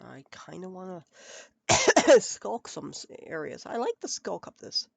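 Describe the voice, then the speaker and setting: A woman's voice: fairly low pitch, wildly swooping pitch, a little slow, creaky, slightly rough, no room sound. A woman streaming a building game, chatting and muttering to herself as she works, her nose stuffed up from a cold. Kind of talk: casual live gameplay commentary.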